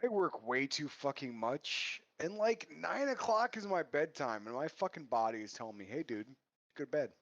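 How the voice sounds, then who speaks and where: A man's voice: on the high side, sing-song, moderate pace, fairly bright tone, no echo. A man chatting bluntly and profanely on a casual podcast. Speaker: podcast co-host. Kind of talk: casual chat. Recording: dull, dry lo-fi mic.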